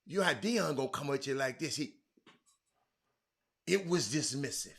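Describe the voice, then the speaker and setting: A man hosting a sports talk show, speaking emphatically, swinging between loud outbursts and low asides. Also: lively intonation, normal speed, gravelly. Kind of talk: animated sports talk commentary.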